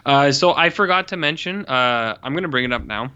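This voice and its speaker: A man's voice: mid-range voice, fairly quick, clean tone. A young man chatting casually and animatedly about movies as a podcast co-host, swearing now and then. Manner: animated, swears, mimics characters with squeals. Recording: slightly dull lo-fi audio.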